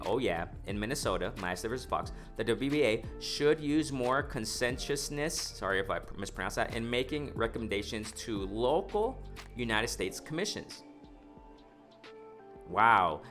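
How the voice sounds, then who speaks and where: Excited man in a slangy boxing commentary vlog. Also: fairly low pitch. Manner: excited, animated, talks to the viewers as "ladies and gentlemen"; slangy, full of fillers like "you know" and "man". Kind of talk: casual reaction commentary, reading a news article aloud.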